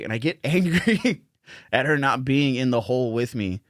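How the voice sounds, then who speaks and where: A man in casual podcast talk, animated and quick to laugh as he tells his stories. His voice sits at an ordinary middle pitch. The recording is dry, with no room sound. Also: dry recording. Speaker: comedian guest.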